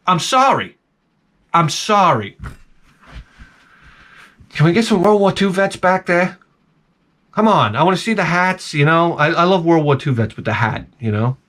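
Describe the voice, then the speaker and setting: A man's voice: a little high, very animated, unhurried, pauses often, a bit bright. A man telling a comic rant about a bad day, exasperated, profane and self-mocking. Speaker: comedy vlogger.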